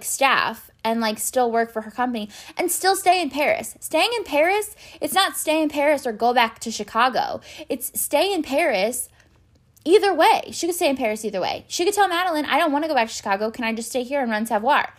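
A young woman ranting casually in a show recap, exasperated and sarcastic, swearing often and filling her talk with "like". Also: sits high. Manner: exasperated, sarcastic, swears a lot, many fillers.

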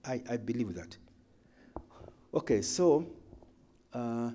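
A man teaching a Bible study in a church hall, emphatic, moving between loud calls and quiet asides. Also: mid-range voice, takes it slowly, pauses often. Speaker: pastor.

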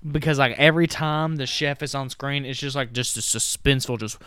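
A podcast co-host casually recaps a movie's plot in a rambling way, packing his talk with "like" and "you know." His medium-pitched voice is a little fast, bright, forceful, and clean, with no echo and clean studio sound.

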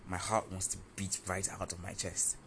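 A man telling a first-person story in an animated, confessional, self-mocking way. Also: deep voice, normal speed, noisy background.

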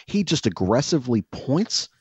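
A man telling a rambling, profane story in casual podcast chat, exasperated and animated. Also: medium pitch, moderate pace, slightly rough, no echo, highs cut off.

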